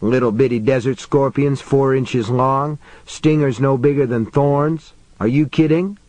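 A man playing a shaken man faking calm. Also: medium pitch, a little slow, no echo, natural voice. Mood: forced calm. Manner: strained, half-laughing reassurance. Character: nervous man forcing false reassurance. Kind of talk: audiobook narration.

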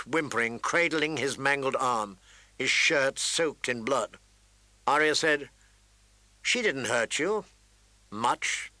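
Bright-voiced male audiobook narrator. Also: mid-range voice, no echo. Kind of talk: scripted narration.

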